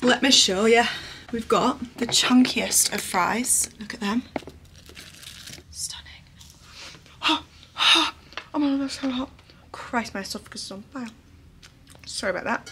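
A woman's voice: medium pitch, creaky, bright, forceful tone, a little hiss or hum. Woman, 20s, lifestyle vlogger. Bubbly, chatty, swears casually. Roomy hotel room, mic slightly distant. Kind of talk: casual chatty vlog talk to camera.

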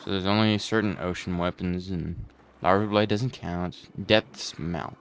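A man giving casual gameplay commentary, excitable, with frequent yelps and outbursts. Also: low voice, measured pace, slight background noise.

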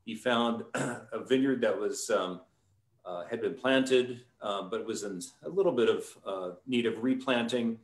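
A man with a low voice tells a story on a live stream, talking in a loose, rambling way and filling pauses as he goes. He works as a winemaker. His voice carries some room echo. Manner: relaxed, rambling with many fillers.

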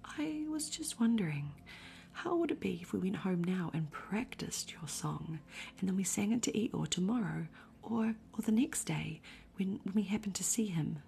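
A woman voicing a small timid anxious piglet in a whispered storybook role-play, soft and hesitant. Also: mid-range voice, expressive, normal speed, vocal fry.

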